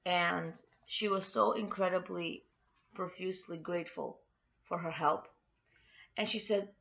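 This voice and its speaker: A woman's voice: lowish voice, steady tone, a little slow, vocal fry, fairly bright tone. A woman hosting an inspirational podcast, telling a story with earnest, heartfelt faith encouragement. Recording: dull lo-fi recording.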